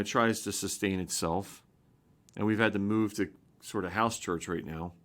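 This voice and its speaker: A man in his fifties preaching an informal sermon in a somewhat low voice. He is earnest and rambling, restarting his sentences and pushing up for emphasis. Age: 50s. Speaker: pastor.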